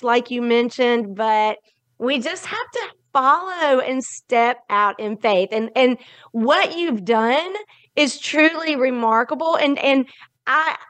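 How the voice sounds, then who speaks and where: Slow, high-voiced woman host. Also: a bit bright, no echo. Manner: emotional, reflective, slow and deliberate. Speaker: podcast host. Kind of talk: faith interview.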